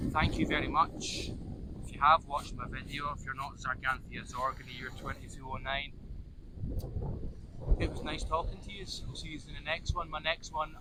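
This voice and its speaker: Easygoing Irish man on a windy beach. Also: on the high side. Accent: Irish, Donegal. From Donegal, Ireland. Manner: rambling and easygoing, uses slang and swears. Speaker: travel vlogger. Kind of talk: casual chat to camera. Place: outdoors on a beach. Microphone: clip-on mic. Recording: outdoor wind noise.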